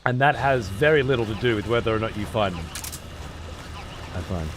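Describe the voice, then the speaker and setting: A man's voice: lowish voice, a little fast, a bit bright, a little hiss or hum. A man giving casual, profane commentary while playing a game, sarcastic and talking to himself and his chat. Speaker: gameplay streamer.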